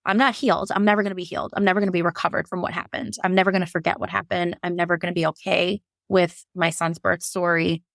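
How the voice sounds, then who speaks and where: A woman shares a hard personal story with raw candor, rambling and restarting as feelings surface. Her voice carries a gravelly fry. The sound is close and dry, with no room around it. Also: lowish voice, quick pace, hardly any pauses, no echo. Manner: emotional, frank, rambling with restarts; slips into animated voices when quoting herself. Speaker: podcast guest, labor and delivery nurse.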